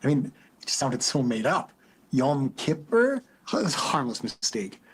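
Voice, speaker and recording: A man's voice: medium pitch, very animated, moderate pace, slight background noise, natural voice. A man voicing a flustered middle-aged male school principal in a parody video, who explains himself defensively and fumbles. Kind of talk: parody voice acting.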